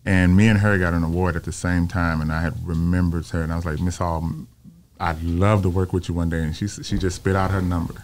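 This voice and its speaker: Speaking briskly in a low-pitched voice, this man in his fifties appears as a filmmaker guest on an interview show. He shares personal stories casually and with animation, doing the voices of the people he quotes, over slight background noise.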